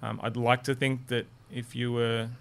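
Male lawyer guest, measured and careful, monotone with vocal fry. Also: medium pitch. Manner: careful, measured, hedges his words. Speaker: criminal defense lawyer, guest. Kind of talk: measured explanation.

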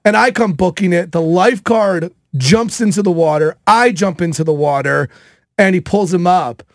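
A man in his thirties hosting a podcast, telling a casual story in an animated way, with many fillers. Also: sits high, normal speed, dry recording, studio quality. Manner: animated, filler-heavy with frequent "like". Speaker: podcast host.

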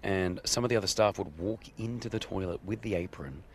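A man's voice: deep voice, fairly quick, slight background noise. A man hosting a breakfast radio show, telling brash stories and teasing his co-hosts. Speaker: radio host. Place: outdoor broadcast at a museum.

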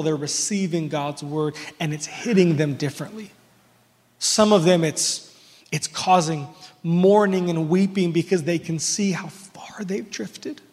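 A man's voice: on the high side, a little mellow, big-room sound. A man preaching a sermon as pastor, earnest and repeating words as he restarts his phrases.

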